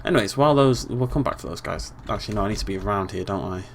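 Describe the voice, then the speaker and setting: A man's voice: lowish voice, very fast, slight background noise. A young British man giving casual, chatty let's play commentary, playfully talking to the game animals.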